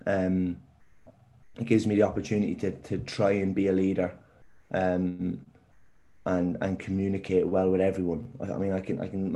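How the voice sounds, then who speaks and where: A young man, a football player, answering interview questions casually in a halting way, often repeating his words. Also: low voice, mellow. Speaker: footballer guest.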